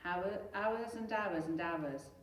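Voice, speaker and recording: A teacher reading a children's storybook aloud in a lively, expressive way. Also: female voice, medium pitch, takes it slowly, recorded from a distance. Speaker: primary school teacher. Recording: echoey room, away from mic.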